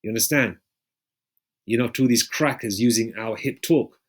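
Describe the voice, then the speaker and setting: A man preaching in a loose, rambling way, often pausing to check in with his listeners and swearing freely. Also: medium pitch. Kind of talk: casual street-style preaching with scripture readings.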